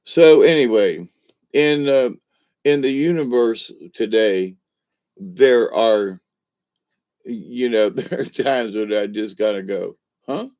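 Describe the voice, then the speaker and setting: A man's voice: fairly low pitch, takes it slowly, darkish tone. A man rambling folksily through a casual monologue and a joke. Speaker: vlogger. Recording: lo-fi recording.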